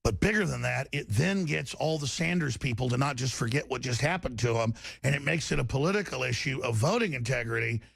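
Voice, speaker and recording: Gravelly, heated male talk host. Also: fairly quick, hardly any pauses, fairly bright tone, no echo, clean studio sound. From Texas. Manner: heated, rambling, with big pitch swings and repeated restarts. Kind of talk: impassioned political talk monologue.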